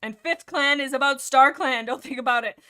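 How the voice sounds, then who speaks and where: Bright-voiced chatty young woman. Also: sits high, brisk. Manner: chatty, excitable, many fillers and restarts. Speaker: livestream host. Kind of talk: casual rambling book discussion.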